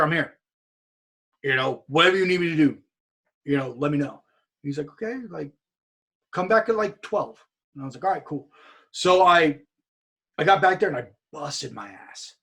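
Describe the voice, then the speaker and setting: Husky man telling an animated story. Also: on the high side. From California. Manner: animated storyteller acting out other people's lines. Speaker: podcast guest. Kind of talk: casual storytelling.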